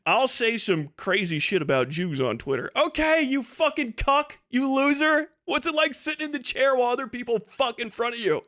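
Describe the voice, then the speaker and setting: A young man live-streaming a profane, mocking rant, shouting at times and laughing in bursts. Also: extremely high pitch, lively intonation, fairly quick, few pauses.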